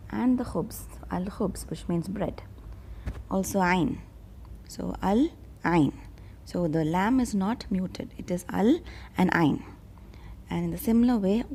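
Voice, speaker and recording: A woman's voice: medium pitch, mellow, a little hiss or hum. A woman teaching an Arabic grammar lesson, patiently repeating each example word with small fillers. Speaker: Arabic tutor. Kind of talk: step-by-step language lesson.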